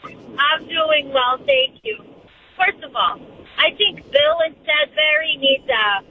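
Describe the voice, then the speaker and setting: A woman's voice: high voice, animated, slight background noise. Fired-up Portuguese-accented woman on a phone line. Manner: heated, defiant, rapid rant. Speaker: caller. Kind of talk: call-in radio talk.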